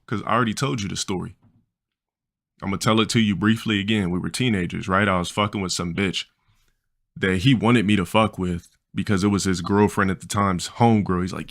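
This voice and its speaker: A man in his forties tells stories on his livestream in a blunt, crude, rambling manner. His voice sits low and gravelly, with a bright, sharp edge to it. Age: 40s. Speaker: streamer. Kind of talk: casual storytelling on a livestream.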